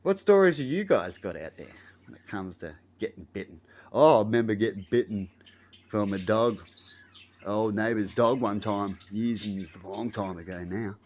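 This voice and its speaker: Australian man, lowish voice, casual rambling storyteller who acts out bits loudly. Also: moderate pace. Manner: rambling, acts out scenes with loud exclamations. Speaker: vlogger.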